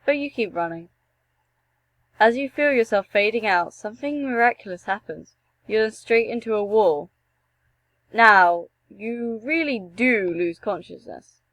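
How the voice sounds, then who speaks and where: A young woman reading a text adventure game aloud and breaking off for joking, animated asides and the odd swear. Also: fairly high pitch, a little slow, no room sound, poor audio. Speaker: gameplay streamer.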